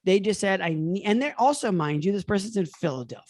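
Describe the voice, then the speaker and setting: Young guy, high voice, rambly podcast banter, dry close mic, keeps laughing. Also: animated, fast, a little mellow, no echo. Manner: rambling, laughs often, drops into silly put-on voices. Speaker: podcast co-host. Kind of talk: casual comedic banter.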